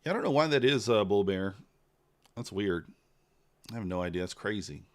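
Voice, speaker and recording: A man giving casual live commentary while trading, thinking out loud in an unhurried, low-key way. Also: animated. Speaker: livestreaming futures trader.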